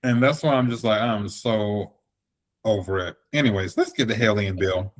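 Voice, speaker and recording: A man's voice: lowish voice, moderate pace. Blunt, opinionated podcast host man. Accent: Northern US. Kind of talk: casual recap chat.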